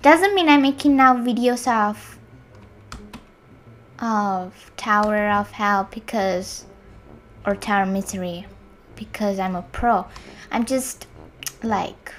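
High bright-voiced young woman gaming. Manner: frustrated, excitable, swings between loud outbursts and muttering. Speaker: gamer. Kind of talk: casual gameplay commentary.

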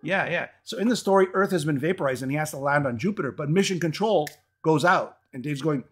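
A man's voice: on the high side, fast talker. A man hosting a casual roundtable on metal albums, enthusiastic, interjecting and handing the floor to others. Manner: enthusiastic, interjects and directs turns. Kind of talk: casual panel discussion.

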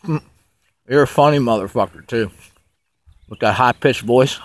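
Man, casual monologue, profane, rambling, laughs a lot, middle pitch. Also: moderate pace, no echo. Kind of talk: casual monologue retelling a dream.

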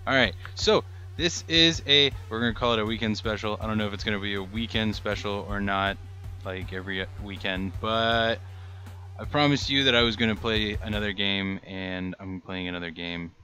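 A man's voice: fairly low pitch, fairly even intonation, moderate pace, pushed and bright. A man host giving casual, rambling, self-mocking commentary while playing a game. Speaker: gaming channel host. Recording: faint game music behind. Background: game music.

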